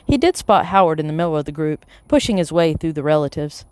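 An audiobook narrator reading a children's chapter book in a steady, even voice. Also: medium pitch, fast talker, smooth, dry recording. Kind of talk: scripted storybook narration.

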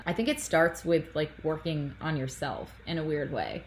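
Breathless young woman, low voice. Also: moderate pace, hardly any pauses. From Canada, Toronto. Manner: rambling, filler-heavy, apologetic. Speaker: podcast host. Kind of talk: casual chat. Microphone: laptop built-in mic.

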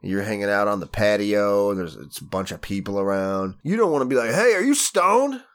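A man's voice: on the low side, fairly quick, clean tone. A man co-hosting a podcast in laid-back casual chat, often laughing. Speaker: podcast co-host.

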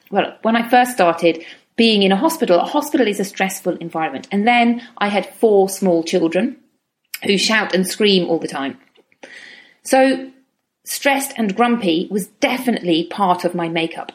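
A middle-aged woman giving a calm, reflective self-help talk and slowing down on key words. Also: mid-range voice.

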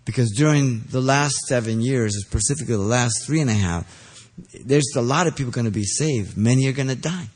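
A man preaching an expository sermon, stressing key phrases loudly and then dropping low, pausing to ask listeners if they are following. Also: slightly rough. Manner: asks the congregation checking questions.

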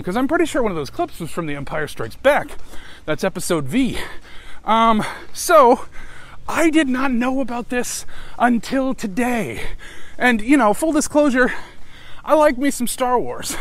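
A man's voice: high-pitched, a bit bright, dry recording. An American man hosting an improvised podcast, rambling and irreverent, with frequent swearing. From United States. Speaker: podcast host. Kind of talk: improvised casual monologue.

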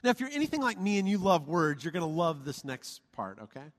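A male pastor preaching a lively, playful sermon, often calling on the congregation for amens. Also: a little high, a little fast. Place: church sanctuary. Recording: reverberant hall.

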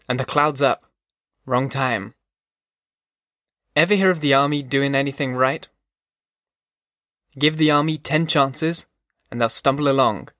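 A man's voice: mid-range voice, fairly bright tone, dry recording, studio quality, lightly acted. A man doing an old frontier veteran, rueful.

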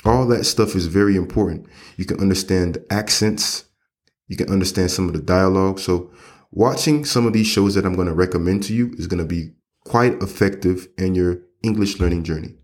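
A man's voice: deep voice, a little fast. A man hosting an English-learning podcast, talking in a casual, rambling way with many fillers and restarts. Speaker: English teacher and podcast host. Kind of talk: casual spoken lesson.

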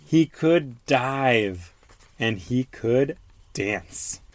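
Give me a dad reading a bedtime picture book, mid-pitched, in a dry room. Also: male voice, expressive, extremely slow, no echo. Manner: warm questions to the child, explains words. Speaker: father reading to his son.

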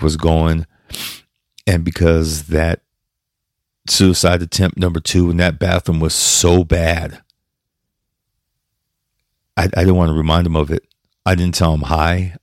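A man hosting his own podcast, talking emotionally and haltingly with restarts, choked up and close to tears. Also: sits low, level tone, darkish tone, dry recording. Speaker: podcast host. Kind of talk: personal podcast monologue.

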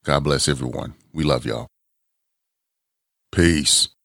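A man hosting a podcast in a casual, drawn-out talking manner. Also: a bass voice, vocal fry, a bit bright, no room sound, clean studio sound. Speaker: podcast host.

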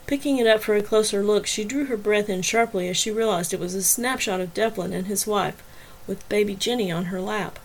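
A woman reads a novel chapter aloud in even, measured storytelling. Her pitch sits in the middle range for a woman. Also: a little hiss or hum, rough recording. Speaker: audiobook narrator and podcast host. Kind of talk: scripted novel reading.

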